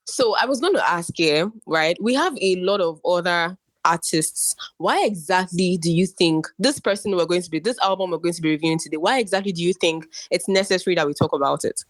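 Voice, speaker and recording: A woman co-hosting a music podcast, bubbly and energetic, often laughing in casual chat. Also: medium pitch, no echo. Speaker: podcast co-host.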